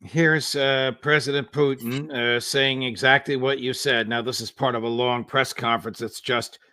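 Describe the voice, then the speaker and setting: A man hosting an interview who gives brief, measured introductions to clips. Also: medium pitch, steady tone, bright, forceful tone, dry recording. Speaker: host.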